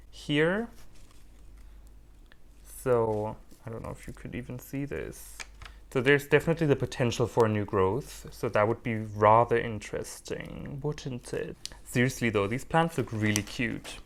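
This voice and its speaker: A man vlogging casually as he unboxes plants, animated, playful and quick to mock himself. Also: mid-range voice. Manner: animated, playful and self-mocking. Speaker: orchid hobbyist vlogger.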